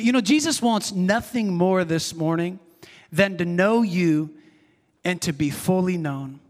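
Man, pastor, conversational sermon, high pitch, long hall reverb. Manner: earnest, conversational preaching with repetitions and asides.

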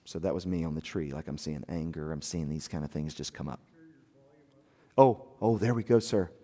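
A soft-spoken man preaching a sermon as a pastor, telling his story in an earnest, confessional way. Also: rumbling low, normal speed. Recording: long hall reverb.

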